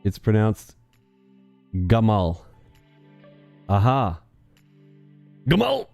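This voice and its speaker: A man's voice: fairly low pitch, moderate pace, dark tone, faint music behind. A man hosting a live trading stream in casual chat, joking and rambling with playful sound effects.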